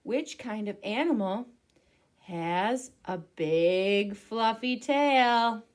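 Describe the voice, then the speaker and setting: A woman librarian leads a children's storytime guessing game. Her voice is high and swoops widely in pitch. She speaks very slowly and clearly for young listeners. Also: lively intonation.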